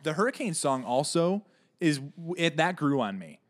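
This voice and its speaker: Brief: young male co-host, slightly high voice, chatty, self-deprecating. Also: big pitch swings, normal speed. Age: young adult. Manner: chatty, self-deprecating, laughs, casual swearing. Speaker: podcast co-host. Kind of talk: casual chat.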